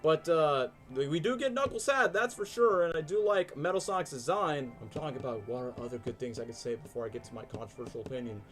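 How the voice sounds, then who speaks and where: A man's voice: a little high, quick pace, hardly any pauses, a bit bright, faint music behind. A young man hosting a live stream, chatting casually and animatedly with lots of fillers. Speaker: stream host. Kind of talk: casual chat, ranking shows live.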